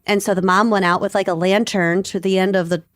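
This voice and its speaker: A woman's voice: medium pitch, steady tone, brisk, a bit bright, no echo, clean studio sound. A woman from the Midwest co-hosting a podcast, chatting casually and enthusiastically and laughing often. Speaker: podcast co-host. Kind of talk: casual chat.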